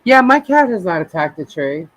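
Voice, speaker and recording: A woman's voice: lowish voice, very animated, normal speed, rough recording. A woman co-hosting a casual live chat, telling stories and acting out her pets. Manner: chatty storyteller, acts out her pets. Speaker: co-host.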